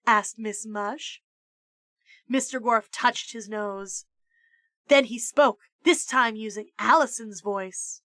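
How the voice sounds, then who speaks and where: A woman streamer reading a children's book aloud in an expressive storytelling voice, jumping into high character voices. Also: takes it slowly, no echo.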